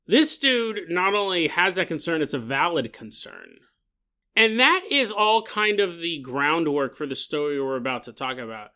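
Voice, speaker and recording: Bright-voiced male podcast storyteller. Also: on the high side, normal speed, smooth. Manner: animated, joking, acts out scenes. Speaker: podcast host.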